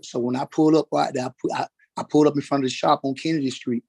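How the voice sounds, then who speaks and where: A man testifying as a witness in a courtroom, halting and repeating words as he goes. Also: medium pitch, steady tone, vocal fry, a little mellow. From Atlanta, Georgia, US.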